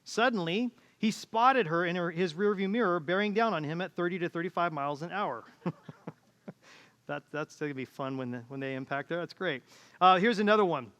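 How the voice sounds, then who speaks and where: A man's voice: high voice, fairly quick, fairly bright tone, dull audio. A middle-aged man preaching a conversational sermon as pastor, acting out quoted voices, recorded in a church auditorium. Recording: church hall reverb.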